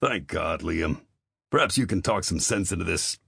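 A man's voice: deep voice, expressive, normal speed, gravelly, slightly rough, no echo, studio quality, exaggerated voice. A man doing a roaring, furious army commander. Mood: exasperated. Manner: growling, shouting.

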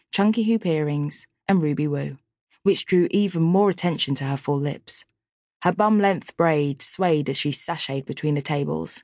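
A woman reading a novel aloud as an audiobook narrator, steady and measured. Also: sits low, dry recording, clean studio sound. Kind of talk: scripted narration.

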